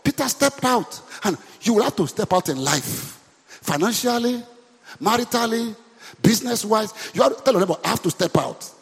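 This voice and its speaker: With a high, creaky voice that has a breathy edge, a man preaches as pastor, animated and a little fast. He keeps repeating questions to the congregation, call-and-response fashion, urging them to answer. The sound echoes with long hall reverb.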